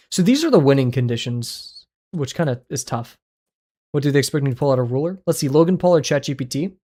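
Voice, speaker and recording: A man's voice: mid-range voice, darkish tone. A man chatting casually on a livestream while playing web games, reacting aloud with sudden yelps and mumbled asides. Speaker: art livestreamer.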